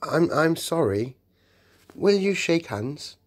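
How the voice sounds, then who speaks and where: A man's voice: fairly high pitch, very animated, takes it slowly, pitched above the performer's own voice, heavily acted. A man reading an audiobook and voicing a blunt, decent eldest schoolboy with a raised, exclaiming manner. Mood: apologetic.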